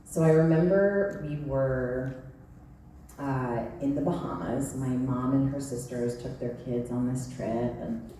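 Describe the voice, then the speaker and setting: A woman in her thirties, guest actress on a convention panel, speaks at a measured pace in a rumbling low, mellow voice, with a little hiss or hum on the track. She laughs and chats through her stories, leaning on "like," heard from afar in an echoey large hall.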